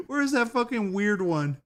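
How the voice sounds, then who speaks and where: Man, slightly high voice, streamer, casual video commentary, giggly, rambling, swears freely. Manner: giggly, laughs often at what he watches; loose, profane and rambling.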